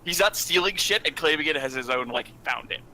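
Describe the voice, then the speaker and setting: A man with a higher, very lively voice plays a tabletop game. His tone is bright and joking, and he breaks into character lines. A faint hiss sits beneath. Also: poor audio. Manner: animated, jokey, quick in-character asides. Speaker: player. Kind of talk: tabletop role-play chat.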